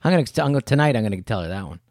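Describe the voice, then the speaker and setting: A man's voice: fairly low pitch, animated, very fast, darkish tone, no echo, studio quality. A man, a father, joking about himself in casual chat. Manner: joking, self-deprecating.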